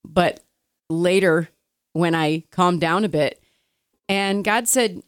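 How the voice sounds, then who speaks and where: A woman's voice: lowish voice, takes it slowly, clear, resonant tone, no room sound, studio quality. A middle-aged woman co-hosting a casual faith chat, earnest and reflective, a bit hesitant as she opens up. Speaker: podcast co-host.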